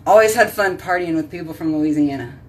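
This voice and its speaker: A woman's voice: low-pitched, a little fast, recorded from a distance. A woman hosting a casual live stream, chatting with viewers by name and rambling from topic to topic. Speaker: host reading live chat.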